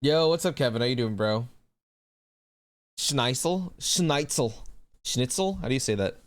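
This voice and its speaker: A young man talks loosely on a livestream, answering his chat. He swears freely and laughs often, in an easygoing, middle-pitched voice. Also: fairly quick. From United States. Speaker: streamer. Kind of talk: casual livestream chat, reading chat aloud.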